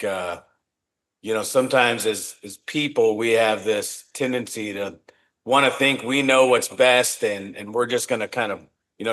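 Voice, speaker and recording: Regular-pitched guy on a video call podcast, earnest, thinks out loud, restarts a lot. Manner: earnest, reflective, repeats and restarts words. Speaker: podcast guest, company executive. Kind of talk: casual interview talk.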